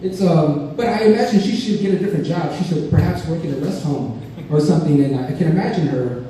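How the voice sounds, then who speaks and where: A man's voice: fairly high pitch, fast talker, warm tone, distant mic, a little hiss or hum. A man doing a rambling, self-mocking stand-up routine, heard from afar in an echoey club. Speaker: stand-up comedian.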